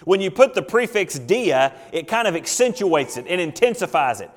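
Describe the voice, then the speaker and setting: High-voiced preacher in an echoing hall. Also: male voice, big pitch swings, normal speed. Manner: emphatic, questioning preaching with dramatized quotes. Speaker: pastor. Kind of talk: sermon. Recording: long hall reverb.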